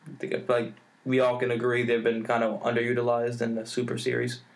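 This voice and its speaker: A podcast host in casual chat, teasing his co-host with rapid-fire banter. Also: mid-range voice, completely flat delivery, creaky.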